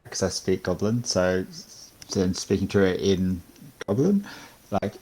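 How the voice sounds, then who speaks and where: A man playing a tabletop game, asking questions and planning in a plain, matter-of-fact manner. His voice is on the low side. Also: unhurried, dark tone, husky, poor audio. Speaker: player.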